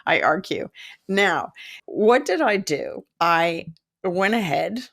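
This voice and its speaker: A woman in her fifties, a psychic development teacher, telling a story in an animated, self-mocking way and laughing often. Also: fairly low pitch, slow, creaky. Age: 50s. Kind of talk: storytelling monologue.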